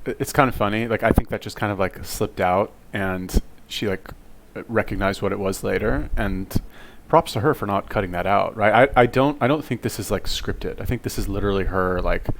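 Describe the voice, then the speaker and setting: A man's voice: fairly low pitch, moderate pace. A man giving casual reaction commentary, rambling with lots of fillers and restarts.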